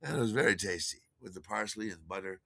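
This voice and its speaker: A man's voice: on the low side, expressive, quick pace, vocal fry, fairly bright tone, dry recording. An older man telling a rambling personal story, full of fillers, restarts and chuckles at his own tale. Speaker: podcast host.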